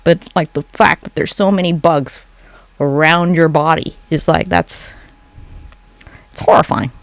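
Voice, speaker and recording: Speaking a little slowly with fairly even intonation, this medium-pitched voice has no echo. A livestreamer chats casually from home late at night into a phone, rambling, swearing freely and responding to comments from chat.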